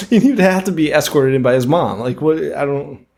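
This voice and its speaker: A man's voice: a little high, normal speed, creaky. Laughing, joking podcast co-host, a man. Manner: laughs often, profane, relaxed banter. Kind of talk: casual movie discussion.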